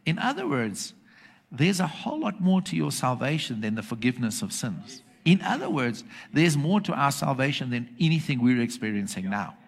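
Male preacher, mid pitch, emphatic, checks in with the congregation. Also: big pitch swings, normal speed, gravelly, breathy edge. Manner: emphatic, asks the congregation for agreement. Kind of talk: sermon. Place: church with congregation.

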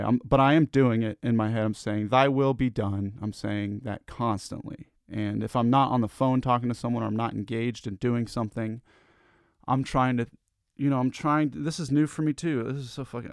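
A man talks through a personal reflection in a loose, searching way, often stumbling over repeated words. His voice sits at an ordinary middle pitch. The sound is dry and close, with no room echo. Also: a little mellow, smooth. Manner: halting, repeats words, candid, swears casually.

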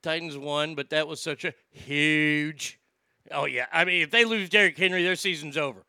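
Brash male sports-talk host, sarcastic and profane; high, gravelly, sharp tone. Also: normal speed, no room sound, studio quality. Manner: brash, sarcastic, swears freely. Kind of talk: casual sports rant.

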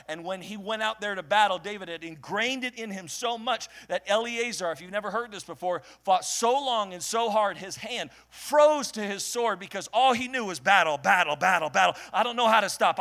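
A man preaching a sermon to a congregation, joking with the crowd and swinging from low murmurs to shouted peaks. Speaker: pastor. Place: church hall before a congregation.

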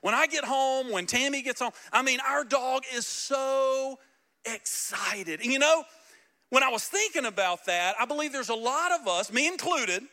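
A man pastor preaching a sermon, animated and joking, speaking directly to his congregation in a church. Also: very high-pitched, moderate pace. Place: church sanctuary.

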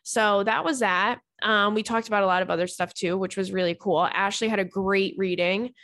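A woman's voice: medium pitch, steady tone, moderate pace, fairly bright tone. A young woman hosting a podcast in casual chat, talking frankly and chattily and swearing freely. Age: young adult. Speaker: podcast host.

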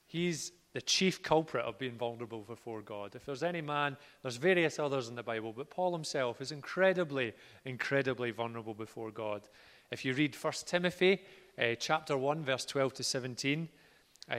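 A man preaching a sermon in an earnest way, moving from quiet words to loud ones. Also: mid-range voice. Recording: reverberant hall.

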